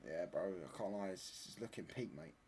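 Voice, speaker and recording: A man's voice: low voice, animated, moderate pace, a little mellow, a little hiss or hum. A young man hosting a live football watch-along, teasing his chat with cheeky banter, laughing often and ending lines with mate or pal. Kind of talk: live casual chat over a match.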